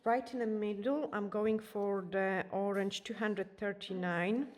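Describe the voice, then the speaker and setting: A woman's voice: mid-range voice, steady tone, unhurried. A woman, a nail technician, casually talking through a nail tutorial step by step as she works. She is losing her voice, and Polish is her first language. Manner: chatty, explains steps as she works. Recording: background noise from a hair dryer.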